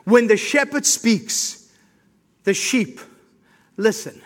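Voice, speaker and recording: A man's voice: extremely high pitch, animated, normal speed, a bit bright. A male pastor preaching an emphatic sermon, throwing rhetorical questions to the congregation. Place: church. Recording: long reverb of a large hall.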